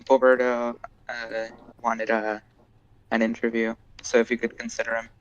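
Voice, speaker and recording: A man's voice: mid-range voice, completely flat delivery, normal speed, dull audio. A man chatting casually on a racing stream, laid-back and hesitant with lots of "uh". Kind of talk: casual chat.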